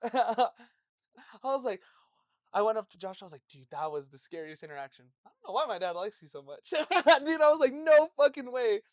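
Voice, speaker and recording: A man chatting casually on a podcast, telling stories in an animated way, swearing and laughing often. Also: high voice, normal speed, no room sound, clean studio sound. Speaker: podcast co-host. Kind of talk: casual chat.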